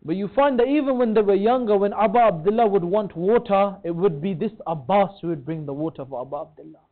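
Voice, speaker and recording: A man's voice: high voice, fast. A man speaking at a religious gathering, giving an impassioned mourning sermon and pleading with his listeners. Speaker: majlis speaker. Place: religious centre hall. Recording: thin phone-like lo-fi sound.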